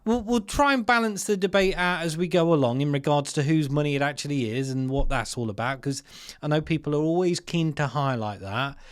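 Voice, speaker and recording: A man's voice: fairly high pitch, a little fast, clean tone, dry recording, studio quality. A man, hosting an opinionated commentary with exasperated, sarcastic asides and slangy remarks. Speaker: commentary channel host.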